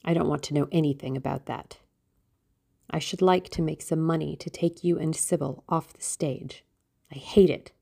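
A woman's voice: low voice, fairly even intonation, normal speed, creaky, dark tone, slightly rough, exaggerated voice. A woman reading an audiobook voices a blunt, grumbling young man. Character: gruff, good-natured young man.

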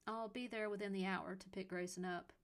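A woman reading the part of a mother who is an actress, speaking in a calm, firm way. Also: mid-range voice, a little fast, natural voice.

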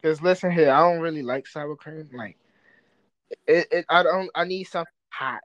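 A man's voice: fairly high pitch, moderate pace, a bit bright, no echo, dull audio. A man co-hosting a podcast in casual chat, rambling and trailing off in slangy talk. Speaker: podcast co-host.

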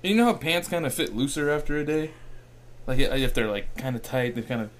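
A man's voice: mid-range voice, brisk. A man in his twenties chatting casually on a studio microphone, crude and teasing, laughing often. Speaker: co-host. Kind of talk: casual chat.

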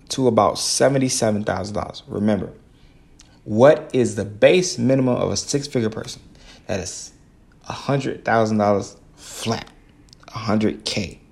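Gravelly, earnest man, podcast monologue. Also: fairly low pitch, a little slow, pauses often, darkish tone. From United States. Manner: earnest, preachy, repeats phrases for emphasis. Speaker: podcast host. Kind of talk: casual solo podcast monologue.

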